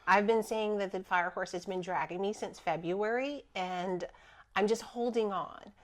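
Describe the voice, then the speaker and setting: Female guest healer, mid-pitched, animated and quick to laugh. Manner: animated, laughs often, earnest. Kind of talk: casual spiritual chat.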